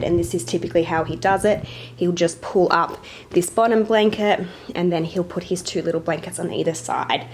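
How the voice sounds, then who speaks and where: Slightly out of breath, a young vlogger narrates a casual tour of her home in a chatty way, apologizing occasionally. Her voice sits on the low side and sounds a little mellow, with some hiss or hum behind it.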